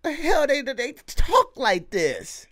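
A man's voice: very high voice, big pitch swings, slow, fairly bright tone. A man hosting a reaction video, casually commenting with slang, exclamations and frequent laughter.

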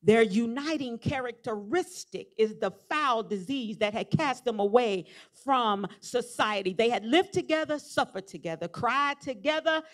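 High-voiced woman preaching a sermon. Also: lively intonation, moderate pace, few pauses. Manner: builds from quiet storytelling to shouted appeals; repetitive rhetorical questions.

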